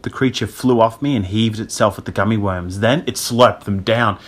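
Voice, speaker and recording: A man reading a spooky children's audiobook in a lively storytelling manner. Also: lowish voice, normal speed. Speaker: audiobook reader. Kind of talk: scripted narration.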